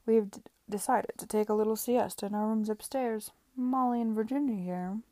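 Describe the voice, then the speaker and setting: A drunken, leering gentleman who is jovial and slurs his words, as a woman reads his part. The voice is warm and mellow. The sound is close and dry. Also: mid-range voice, fairly even intonation, normal speed, no room sound, close to an everyday voice. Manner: slurring and jovial.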